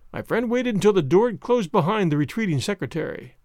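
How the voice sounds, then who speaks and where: A man narrating a classic detective story in an expressive, dramatic storytelling manner. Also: high-pitched, fast, hardly any pauses, dry recording, clean studio sound. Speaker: audiobook narrator.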